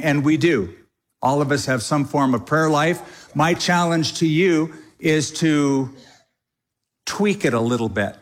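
A middle-aged man preaching a sermon to a congregation in a casual, animated way, now and then acting out other people's prayers. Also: fairly high pitch. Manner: animated, conversational preaching with mock quoted prayers. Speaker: pastor. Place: church sanctuary before a congregation.

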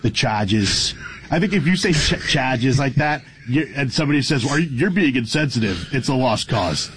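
An older man co-hosting a radio show in relaxed, chatty talk. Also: medium pitch, moderate pace, a little hiss or hum. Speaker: radio co-host. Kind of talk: casual chat.

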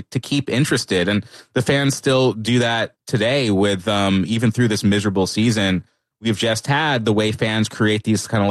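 A man, an author and guest, talking through his answers in a thoughtful, halting way with many restarts. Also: lowish voice, no room sound. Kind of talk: conversational interview answers.

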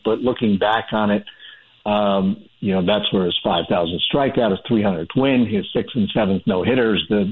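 A man's voice: fairly low pitch, slightly rough. A man being interviewed as an author, telling stories in a chatty way with many fillers and restarts. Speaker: author guest. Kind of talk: phone-in radio interview. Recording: tinny phone line.

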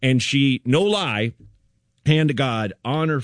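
Middle-aged man, podcast guest, lively comic storyteller with a swooping voice, dry close mic. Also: medium pitch, takes it slowly, no room sound. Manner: animated, acts out quoted voices, laughs often. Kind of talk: comedic storytelling in casual chat.

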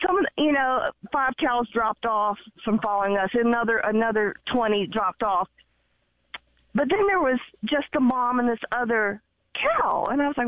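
A woman's voice: on the high side, animated, moderate pace, dry recording. A woman calling in to a radio show, telling a rambling story in a chatty, casual way. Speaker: caller. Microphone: telephone. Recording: muffled phone line.

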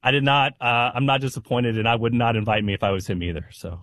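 A man appearing as a guest reporter, chatting in a quick, self-deprecating way. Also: mid-range voice, fairly even intonation, a bit bright, no echo, studio quality. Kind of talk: casual interview chat.

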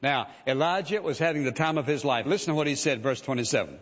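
A man's voice: on the high side, fast talker. A man preaching a sermon in a conversational way, with many "uh" fillers and "listen" asides. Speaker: pastor. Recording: reverberant hall, dull lo-fi sound.

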